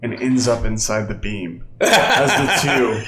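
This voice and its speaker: A man as game master, narrating a tabletop game in slow, descriptive lines. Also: lowish voice, a bit bright. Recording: echoey room.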